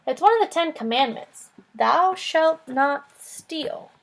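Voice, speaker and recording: Woman reading as a sensible schoolboy, matter-of-fact, steady, a bit high, gravelly. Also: slow pace, exaggerated voice.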